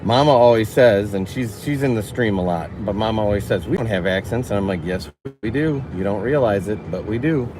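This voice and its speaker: A man's voice: fairly low pitch, fairly quick, few pauses. A man hosting a casual livestream from his car, chatting and answering viewers' chat as he drives. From northern Illinois. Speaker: livestream host. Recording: car road noise behind.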